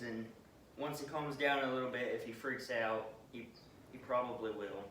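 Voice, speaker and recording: Young guy dog trainer chatting to camera, kinda far off, lots of echo. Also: medium pitch. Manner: relaxed and talkative, coaxing a puppy with repeated calls. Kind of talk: casual training vlog narration. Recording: echoey and distant, with noisy outdoor ambience.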